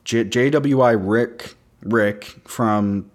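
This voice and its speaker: A man co-hosting a podcast, chatting casually and rambling through deadpan jokes with plenty of fillers. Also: fairly low pitch, drawn-out words. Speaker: podcast co-host. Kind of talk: casual comedic chat, reviewing beer.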